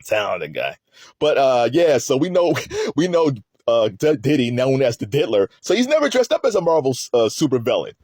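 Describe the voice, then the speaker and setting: A man's voice: medium pitch, sing-song, moderate pace, darkish tone, dry recording, studio quality. A man giving casual, rambling commentary on a court trial, laughing often and restarting his sentences.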